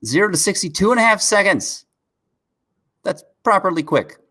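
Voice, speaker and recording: A man's voice: high-pitched, sing-song, normal speed, sharp tone. A man co-hosting a casual car news live stream, chatting easily and chuckling now and then as he reads out viewer questions. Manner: laid-back, chuckles often, reads out chat questions. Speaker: co-host of a car news show.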